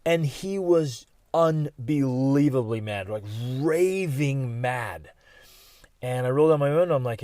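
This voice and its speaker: A middle-aged man hosting a podcast, telling personal stories in an animated way and acting out what people said. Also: medium pitch, normal speed, no echo, studio quality. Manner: animated storyteller, acts out quotes loudly. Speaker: podcast host.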